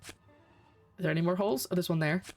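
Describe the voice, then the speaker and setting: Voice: medium pitch, a little fast, faint music behind. A streamer with a Scottish accent, chatting casually and thinking aloud while solving a puzzle in a game. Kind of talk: casual let's-play commentary.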